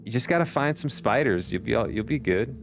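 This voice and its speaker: With faint music behind him and slight background noise, a man chats casually with viewers while gaming on stream. His mid-range voice is gravelly, animated and fairly quick. He laughs a lot and curses occasionally.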